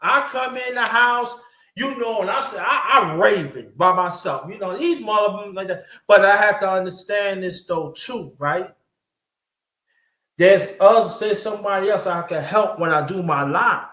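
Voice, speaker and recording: Animated man telling a story in an echoey room. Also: high voice, normal speed. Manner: animated storyteller, swears freely. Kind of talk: casual podcast storytelling. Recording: roomy echo.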